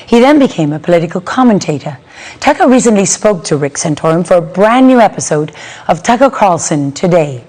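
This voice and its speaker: A woman hosting a news show, presenting from a script in a smooth delivery. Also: on the low side, sing-song, brisk, darkish tone.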